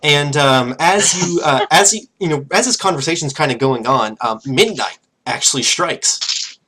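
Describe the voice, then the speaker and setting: A man's voice: a little high, expressive, moderate pace, bright, forceful tone, a little hiss or hum. A man narrating a tabletop game as game master, casual and full of fillers.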